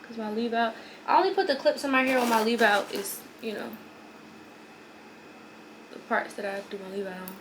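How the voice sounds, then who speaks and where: A young woman vlogger telling a long, rambling story while doing her hair at home, repeating herself and talking in an animated way. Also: on the high side, moderate pace, pauses often, slight background noise. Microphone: phone or camera on a stand.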